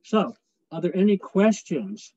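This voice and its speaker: A man leads a choral lecture over a video call in a relaxed, chatty way and sings short phrases to show his points. His voice sits fairly high and sounds mellow. The call audio is dull and dry. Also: measured pace, breathy edge, no echo. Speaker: choral conductor giving a lecture. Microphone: video call microphone.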